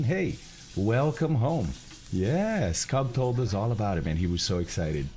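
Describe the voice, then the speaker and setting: Brief: middle-aged Brazilian streamer man, low voice with a lively, bouncing delivery, faint hiss behind. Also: slow pace. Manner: greets chat members one by one, hushed at times to keep quiet. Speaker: streamer host. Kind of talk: casual live-stream chat.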